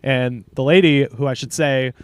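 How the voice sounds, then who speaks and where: A man telling a story on a podcast in a casual, animated way, laughing often and swearing offhand. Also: medium pitch, normal speed, clean tone, no room sound. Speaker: podcast guest.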